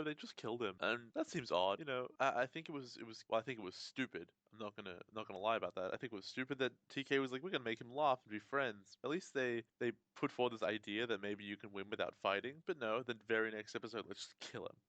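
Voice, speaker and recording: A man's voice: on the low side, a bit bright, no echo. A young man co-hosting a podcast in casual chat, analytical and wry with blunt opinions. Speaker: podcast co-host.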